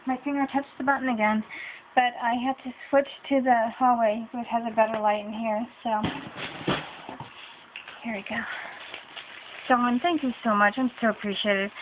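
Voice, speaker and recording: Woman, middle-aged, gushing, exclamatory, casual home hallway vlog, tinny audio, steady hiss. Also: on the high side, moderate pace, pauses often. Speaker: vlogger opening a craft swap package. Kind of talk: casual unboxing chat.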